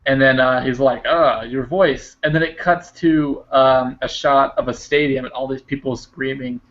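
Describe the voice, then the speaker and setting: A man co-hosting a casual podcast, rambling through anecdotes and swearing offhandedly. His voice sits at a middle pitch. The recording sounds dull and lo-fi. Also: little pitch movement, moderate pace, a bit bright. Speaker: podcast co-host. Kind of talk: casual chat.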